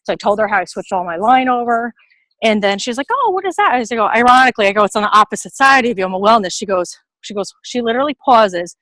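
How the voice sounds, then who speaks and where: A woman on a video call from her garden, out of breath from carrying heavy bags, telling an animated story and acting out what people said. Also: mid-range voice, fast talker, dry recording, poor audio. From New York area. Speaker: team member sharing a story. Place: outdoors in a garden.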